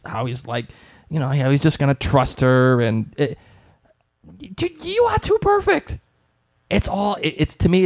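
Animated, slangy male podcast co-host. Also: medium pitch. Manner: excitable, slangy, does mock voices. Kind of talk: casual chat.

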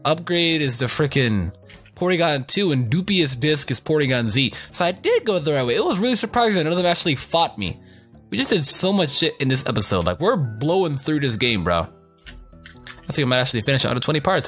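A young man giving casual, profane commentary over his gameplay, joking, rambling and reacting loudly to what happens on screen. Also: a little high, very animated, fairly quick. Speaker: let's play gamer. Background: faint game music.

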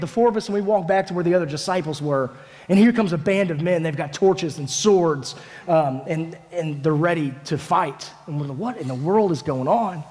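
A man, a families minister, preaching a sermon as a lively first-person story told in the voice of a disciple, with casual, dramatic phrasing. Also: fairly high pitch. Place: church sanctuary. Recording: echoey church hall.

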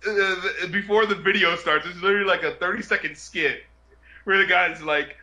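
A man hosting a casual chat, telling stories in an animated way and often breaking into laughter. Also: sits high, brisk. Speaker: music video reviewer and show host.

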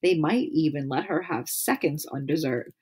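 A woman's voice: low voice, animated, moderate pace, darkish tone, slightly rough. A woman reading a children's book aloud, stopping to laugh and add comments. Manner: laughs and adds comments between passages. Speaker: reader.

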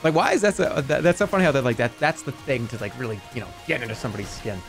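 A man's voice: mid-range voice, expressive, racing, soft background music. A man streaming live, chatting casually in a rambling, jokey way that trails off into mumbled asides.

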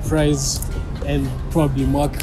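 A man's voice: a little high, level tone, slow pace, over music. A young man, laid-back and casual, bantering with friends. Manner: laid-back, says bro a lot.

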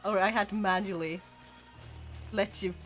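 A woman streams a video game, chatting casually with viewers, reacting to chat and giggling often. Her mid-range voice is fairly bright and even, at a moderate pace, with faint music behind.

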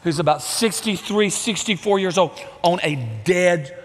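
A middle-aged man preaching a sermon, telling a story with lively acted-out voices. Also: high-pitched, a little slow. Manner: animated storytelling, acting out voices. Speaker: pastor. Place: church sanctuary. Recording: reverberant church hall.

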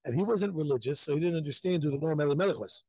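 A man's voice: fairly high pitch, expressive, very fast, mellow, slightly rough, no room sound, rough recording. A man, a rabbi, telling a story live at a crowded outdoor pilgrimage site, emphatic and repetitive, acting out the quotes.

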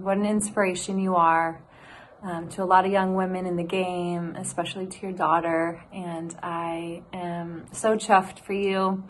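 A woman speaks slowly and fondly in a casual video message. She pauses on soft fillers between her wishes. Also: fairly low pitch, slight background noise. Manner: warm-hearted, with soft fillers.

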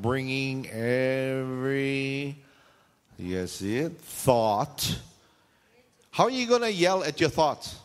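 A male pastor preaches with lively energy, firing rhetorical questions at his congregation and acting out shouted voices. His mid-pitched voice carries a long reverb from the church hall around him. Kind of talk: sermon. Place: church sanctuary.

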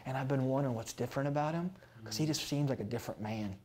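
A man from South Dakota, a pastor, telling a story in an animated, expressive way and laughing at his own tales. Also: medium pitch, quick pace, slight background noise. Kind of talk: sermon-style storytelling talk.

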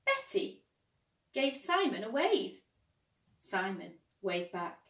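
Teacher lady reading a storybook aloud, slow and gentle, echoey room, mic a bit far. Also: medium pitch, very animated. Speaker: primary school teacher. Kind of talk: reading a picture book aloud to children. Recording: roomy, distant mic.

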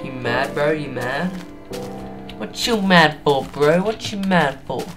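A man's voice: on the high side, animated, takes it slowly, music in the background. A man putting on a cocky, taunting mock persona with clipped, sing-song phrasing for game characters.

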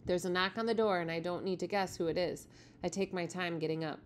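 A woman with a lowish voice reads a children's novel aloud to her students. Her delivery is steady and plain, a teacher's storytelling, with a little faint noise underneath. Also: quick pace.

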